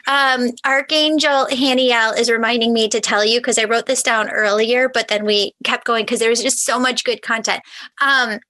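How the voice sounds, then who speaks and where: Woman, podcast host, bright tone, slightly high voice, enthusiastic, encouraging. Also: fairly even intonation, moderate pace. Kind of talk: spiritual podcast interview.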